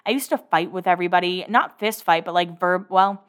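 A woman hosting a casual podcast, recapping a show in a rambling, chatty way with sarcastic asides and quick self-corrections. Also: fairly low pitch, clean tone.

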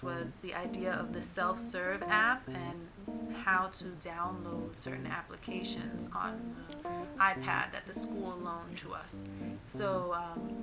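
A woman's voice: lowish voice, low-quality recording. A woman co-host giving thoughtful reflections with some fillers. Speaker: podcast co-host. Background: music bed under the voice.

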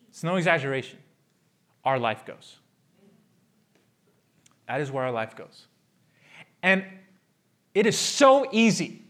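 Male pastor, sermon, slightly raised pitch, animated storytelling into hushed prayer.

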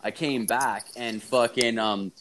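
A man's voice: medium pitch, steady tone, slow, fairly bright tone, slight background noise. Rambling, profane young man telling a story. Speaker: podcast guest. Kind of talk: casual podcast chat.

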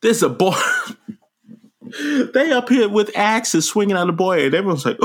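Animated profane man recapping a movie. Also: high-pitched. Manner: animated, profane, acts out characters in quick voices. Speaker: podcast co-host. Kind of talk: casual movie recap chat.

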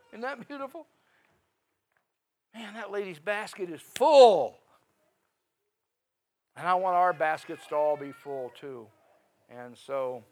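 Folksy male preacher with loud swells. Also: sits high, low-quality recording. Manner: folksy, conversational preaching with sudden loud rises. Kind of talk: sermon.

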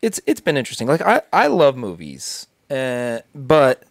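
A man co-hosting a casual comedy talk show, telling stories in a lively way and acting out quotes with big jumps in his voice. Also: moderate pace, gravelly, dry recording, studio quality. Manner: animated storyteller, acts out quotes with big pitch jumps. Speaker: podcast co-host.

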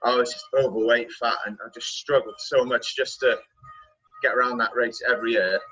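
A man's voice: mid-range voice, fairly even intonation, fairly quick, pushed and bright, husky. A man, hosting a casual chat and telling stories with jokey asides. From Wales. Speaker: podcast host, pro cyclist. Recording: dull lo-fi sound, faint music.

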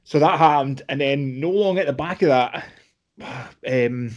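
A man's voice: mid-range voice, unhurried. A Scottish man in his thirties, a guest on a podcast, telling a rambling story in casual chat, swearing freely and acting out what people said. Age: 30s.

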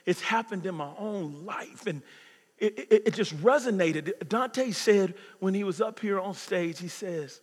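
A man in his fifties preaching a sermon as pastor, swinging from loud preaching to hushed near-whispers. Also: high voice, a little slow. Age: 50s. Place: church sanctuary. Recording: long hall reverb.

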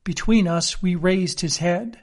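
A man reading a classic novel aloud as narrator, in measured storytelling. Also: high-pitched. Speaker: audiobook reader.

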